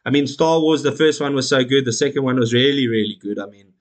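A man's voice: mid-range voice, fast talker. Emphatic man in casual chat. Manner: emphatic, swears, laughs often. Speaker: podcast host.

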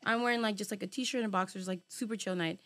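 A woman telling a long personal story in casual group chat, animated and full of swearing and fillers, dropping in bits of Spanish slang. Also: medium pitch, quick pace.

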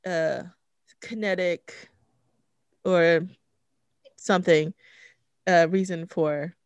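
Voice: mid-range voice, steady tone, drawn-out words, smooth, dry recording. Podcast host, hesitant and reflective, dry close-miked voice. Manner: hesitant, many fillers and restarts. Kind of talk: casual conversation. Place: home recording setup.

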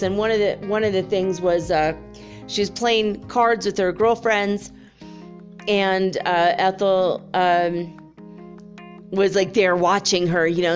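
In a mid-range voice, a woman tells a story in a relaxed, chatty monologue. She laughs a lot and fills her pauses with "um" and "you know."

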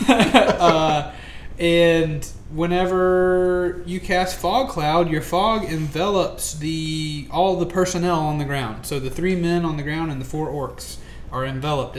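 Man, tabletop GM, halting narration, roomy echo and faint room noise. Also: on the high side, steady tone. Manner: hesitant, filler-heavy narration. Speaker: game master.

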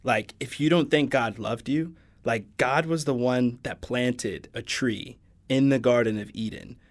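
On a casual faith podcast, a male guest with a medium-pitched voice speaks at a measured pace. He earnestly quotes scripture at length and unpacks it.

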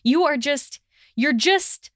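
A woman voicing a furious, sharp-tongued young witch who snaps and rises in pitch when angry. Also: measured pace, no echo, clean studio sound, lightly acted. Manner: snapping, raised and shrill when angry.

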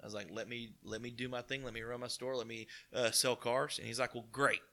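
Southern man with an East Tennessee accent, forceful bright tone, folksy anecdotes, mid-range pitch. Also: a little fast. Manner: folksy, animated retelling with quoted dialogue. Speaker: car dealership partner. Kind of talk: casual storytelling interview.

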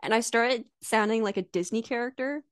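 A woman's voice: fairly high pitch, brisk, no room sound, clean studio sound. An American woman hosting a casual interview, chatty and giggly with lots of filler words. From United States. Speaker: podcast host.

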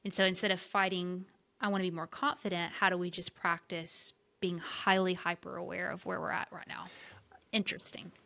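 A woman in her forties co-hosting a casual podcast chat, energetic and playful as she tells stories. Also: fairly low pitch, fairly quick, vocal fry. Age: 40s. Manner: energetic, playful, animated storytelling. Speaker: podcast co-host.

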